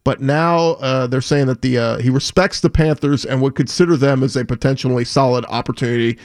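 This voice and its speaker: A man's voice: medium pitch, fairly even intonation, fairly quick. A man co-hosting a sports talk show, reading a report and talking through player options. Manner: conversational, reads reports then lists players. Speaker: sports talk radio co-host.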